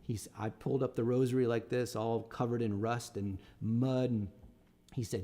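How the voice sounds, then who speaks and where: A man's voice: medium pitch, fairly even intonation, moderate pace, dark tone, long reverb tail. A middle-aged man, a singer-songwriter on a live stream, telling a story in a casual and rambling way with many restarts. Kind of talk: casual spoken storytelling between songs.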